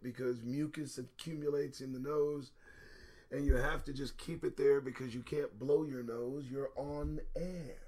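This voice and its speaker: Blunt, fiery male live-stream host. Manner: blunt and profane, swinging between low quiet stretches and sudden loud bursts. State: voice recovering from strain. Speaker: host of a live-streamed news commentary show. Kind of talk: casual live-stream commentary.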